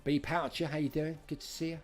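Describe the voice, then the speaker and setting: Reading out questions on a live-streamed retro quiz, this middle-aged male host chats and welcomes viewers by name. He speaks quickly in a higher, level tone as soft music plays.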